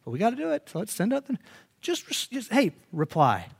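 A man preaching a sermon as pastor, animated and emphatic, often restarting his phrases. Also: high-pitched, brisk, gravelly, breathy edge.

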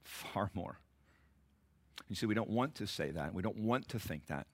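Man, middle-aged, pastor, sermon, lively swooping pitch, dramatic shifts from hushed to loud. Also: normal speed. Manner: dramatic preaching, swings from low and intimate to loud exclamations; acts out the voices of the people in the text.

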